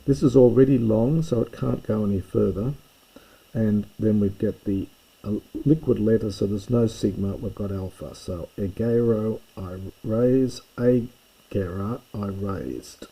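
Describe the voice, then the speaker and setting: Husky, dark-voiced man teaching Greek. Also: lowish voice, measured pace, poor audio. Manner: methodical, explaining forms step by step. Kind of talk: recorded lecture.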